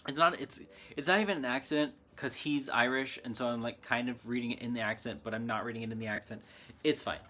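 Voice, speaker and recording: Sitting at his home desk with a computer and lamp, a channel host holds a casual spiritual chat in a medium-pitched, bright, forceful voice. He talks quickly with fairly even intonation, chatty and meandering, and corrects himself as he goes.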